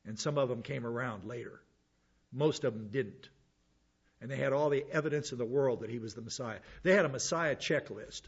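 A man's voice: mid-range voice, a little fast, husky, highs cut off. A man preaching a sermon in a conversational way, with chuckling asides and frequent fillers. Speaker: pastor.

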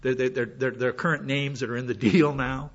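A man's voice: medium pitch, steady tone, fairly quick. A man preaching a sermon in a folksy, conversational way, full of asides, while he is sick with a cough. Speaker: pastor. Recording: dull lo-fi sound.

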